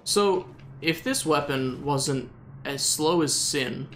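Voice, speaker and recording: A man's voice: on the high side, takes it slowly, fairly bright tone, slight background noise. A young man with a Southern US accent, commentating his gameplay in a joking, exasperated, rambling way. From Southern United States.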